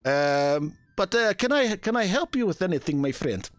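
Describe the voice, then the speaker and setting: Man playing a Dragonborn merchant, clipped foreign lilt, pitched up. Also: big pitch swings, normal speed, no echo. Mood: friendly. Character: gold Dragonborn male weapons trader with an odd foreign lilt.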